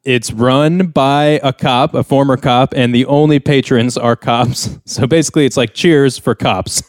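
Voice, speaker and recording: A man's voice: medium pitch, steady tone, measured pace, no echo, clean studio sound. A young man co-hosting a casual podcast, recapping a sitcom episode in a rambling way and acting out the characters' lines. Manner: rambling storyteller, acts out characters' lines with raised voice. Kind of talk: casual chat.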